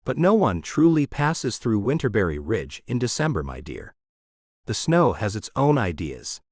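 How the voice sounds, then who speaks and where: A man's voice: on the low side, very animated, normal speed, a little mellow, dry recording, studio quality. A man doing an imperious nosy old lady. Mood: imperious, sly. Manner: imperious, sly. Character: imperious nosy older woman matchmaker. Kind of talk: audiobook character voice.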